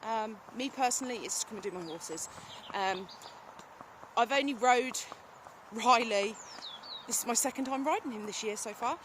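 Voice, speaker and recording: A woman in her thirties with a British accent talks into her phone while riding her horse through fields. She rambles in a relaxed, chatty way, full of ums, and sometimes turns to speak to the horse. Faint outdoor noise runs behind her. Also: a little high, moderate pace. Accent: British English. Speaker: vlogger. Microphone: phone held while riding. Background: outdoor ambience with animal sounds.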